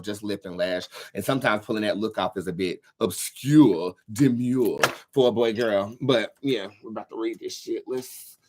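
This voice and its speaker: A young man hosts a live tarot stream in a loose, casual chat. His delivery is campy and animated, peppered with swearing and easy laughter. He talks into a phone or webcam. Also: medium pitch.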